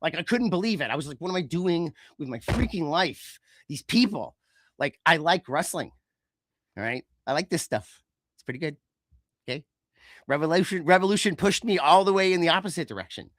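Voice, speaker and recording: A man co-hosting a podcast in casual chat, ranting in an animated, sarcastic way. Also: a little high, fairly quick, no room sound, studio quality. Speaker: podcast co-host.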